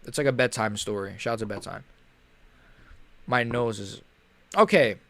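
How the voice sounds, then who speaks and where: A man's voice: fairly low pitch, normal speed, a bit bright, no room sound. A young man hosting a live stream, reacting in casual, rambling talk, frustrated and swearing. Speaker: livestream host.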